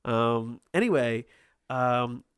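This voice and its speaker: A man's voice: mid-range voice, takes it slowly, clear, resonant tone, no room sound, studio quality. A man talking as a podcast guest in casual chat, rambling with many ums.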